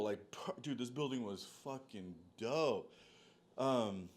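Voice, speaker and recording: A man's voice: mid-range voice, measured pace. A man telling a long story in a loose, profane, rambling way, full of "like" and "dude". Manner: animated, jumps between tangents. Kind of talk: casual storytelling monologue.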